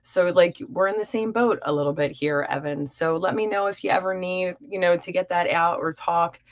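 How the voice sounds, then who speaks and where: A young adult woman hosting a live stream as a psychic reader, chatting warmly and encouragingly with viewers. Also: lowish voice, normal speed. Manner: warm, encouraging and upbeat. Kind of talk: live-stream chat reading viewer comments.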